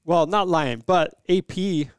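A man's voice: on the high side, slow, clear, resonant tone, no room sound, studio quality. A man co-hosting a racing show, chatting in a laid-back way, mostly giving short replies and brief takes. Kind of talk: casual sports chat.

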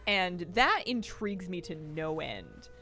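A woman's voice: lowish voice, sing-song, unhurried, pushed and bright, faint music behind. A young adult woman streaming a game, chatting casually and rambling, often breaking into laughter. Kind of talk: casual live-stream chat while gaming.

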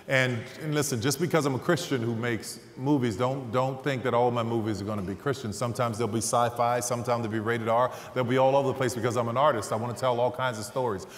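A man preaching a sermon through humorous, animated personal stories. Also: medium pitch, a little hiss or hum. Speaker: guest preacher. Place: large church hall stage. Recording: echoey hall, faint ambience.

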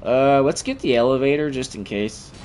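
A man's voice: mid-range voice, normal speed, darkish tone, slight background noise. Profane trash-talking male gamer. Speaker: gaming channel host. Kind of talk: gameplay commentary.

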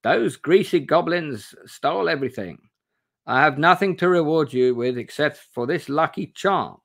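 A man voicing a desperate bearded adventurer in a gamebook reading, with a put-on accent and slow, pleading speech. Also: a little high, animated, gravelly, fairly bright tone, voice pushed up, full character voice. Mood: grateful. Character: desperate bearded male adventurer tied to a tree.

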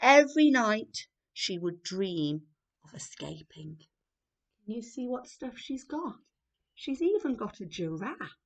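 A woman reading a picture book aloud to small children. She speaks slowly and gently, dropping into soft whispers, and her pitch swings widely to keep them hooked. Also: big pitch swings. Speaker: playgroup leader.

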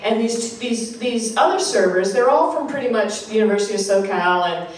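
A woman from Rhode Island with a Rhode Island accent, telling a personal story on stage in an animated, laughing, self-mocking way. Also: medium pitch, fairly quick, slight background noise. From Rhode Island, USA. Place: live storytelling show. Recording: echoey live venue from far off.

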